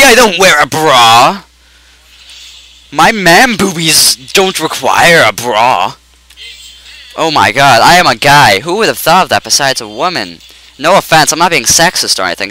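Goofy excitable man with a bright voice. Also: medium pitch, no room sound, rough recording. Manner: goofy, excitable, yells and jokes at the game. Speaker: let's play commentator. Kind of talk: casual gameplay commentary.

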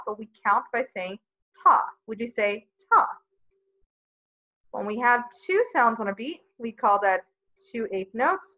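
A woman music teacher explaining note values to young children, friendly and step by step. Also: on the high side. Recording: dull lo-fi sound.

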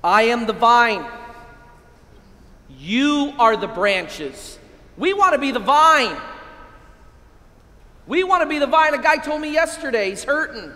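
A man who is a priest, giving an animated keynote sermon and leading his audience in call-and-response. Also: very high voice, slow, long pauses. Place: large hall. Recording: echoey hall.

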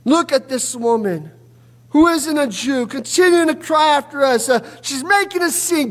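A man preaching a fervent sermon as pastor, with frequent "uh" fillers and bursts of shouting. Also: extremely high pitch, lively intonation, normal speed. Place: church sanctuary. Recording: long hall reverb from a church.

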